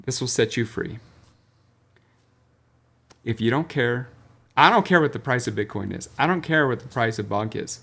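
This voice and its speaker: A man teaching crypto trading over a screen share, emphatic and repetitive, with bursts of salesy excitement. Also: medium pitch, gravelly.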